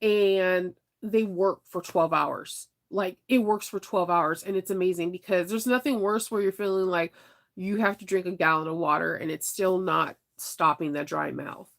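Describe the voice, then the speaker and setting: A young adult woman with a sinus infection, chatting casually on a live stream, animated and laughing as she answers her viewers. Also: on the low side, moderate pace, vocal fry. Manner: animated, laughing, talks to chat by name. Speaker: vlogger reading live chat.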